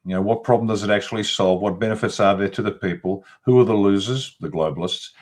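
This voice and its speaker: Male guest, low register, blunt and emphatic, commentary pace over a video call. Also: fast, darkish tone. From Australia. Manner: blunt, emphatic, long rolling lists. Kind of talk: political commentary interview.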